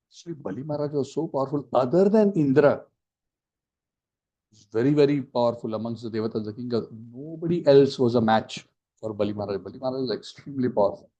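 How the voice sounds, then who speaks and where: A man's voice: mid-range voice, dark tone. A man teaching a scripture class, telling the story with acted quotes and asides, on a dull lo-fi recording.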